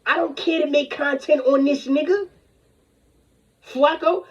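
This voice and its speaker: A man's voice: very high voice, unhurried. A man delivering an angry, rambling, confrontational rant full of profanity. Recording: dull lo-fi recording.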